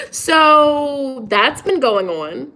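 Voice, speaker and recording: A woman's voice: fairly high pitch, fairly bright tone, poor audio. A young woman rambling and confiding in a casual vlog, often restarting her sentences and laughing. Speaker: tarot reader and vlogger. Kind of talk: casual chat to camera.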